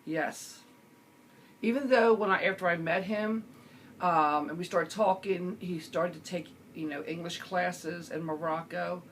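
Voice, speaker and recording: A middle-aged woman vlogger chatting casually as she answers viewer questions, rambling with lots of fillers and the odd throat-clear. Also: on the low side, unhurried, slight background noise. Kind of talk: casual chat.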